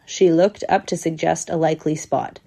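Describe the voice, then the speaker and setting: A woman's voice: sits low, moderate pace, vocal fry. A woman narrating a storybook, giving each character its own voice. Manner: lively, voicing each squirrel.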